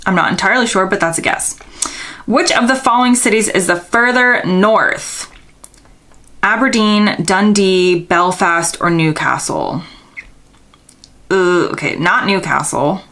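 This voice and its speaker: A woman's voice: mid-range voice, unhurried, fairly bright tone. A young American woman vlogger, casually thinking aloud and second-guessing herself while answering quiz questions. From United States.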